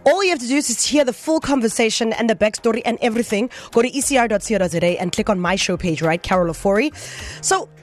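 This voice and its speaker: A woman hosting a radio talk show, lively and emphatic as she shares her opinions. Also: on the high side, quick pace, soft background music. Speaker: radio host.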